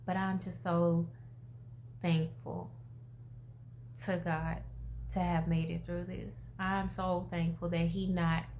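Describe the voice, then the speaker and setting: A woman in her twenties speaks slowly and expressively in a personal vlog, addressing her viewers directly. Her voice sits a little low, and there is a faint hum behind her. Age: 20s. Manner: emotional, expressive, talks straight to viewers. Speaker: vlogger.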